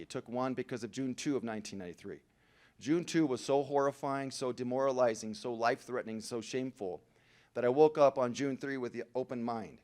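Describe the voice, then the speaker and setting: In a large hall, a Southern Californian man with a mid-range voice tells a joke-filled story to a recovery meeting audience. He's slangy, calling the crowd "bro" and "man", and his voice sinks to a hush before climbing to loud shouting.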